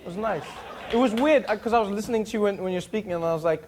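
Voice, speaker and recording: A man's voice: sits high, racing, a little mellow, a faint crowd. A man hosting a comedy show, joking with audience members and slipping into mock accents, laughing often. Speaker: talk show host bantering with audience. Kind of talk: improvised comedy crowd work. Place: studio with live audience. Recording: live studio audience, noisy.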